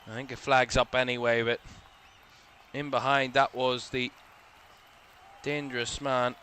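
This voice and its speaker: A man provides relaxed live play-by-play of a football match for a watchalong stream, chatty and slightly drowsy, yawning now and then. He thinks aloud and makes small self-corrections, in a clean, medium-pitched voice at normal speed.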